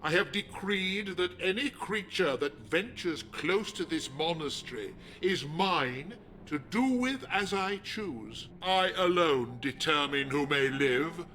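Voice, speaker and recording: A slow creepy druid cult boss in a game, bright sharp voice, super pompous. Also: male voice, fairly high pitch, lively intonation, a little hiss or hum, heavily acted. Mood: menacing. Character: arrogant megalomaniac male leader of a druid order. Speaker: game villain. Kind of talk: video game voice acting.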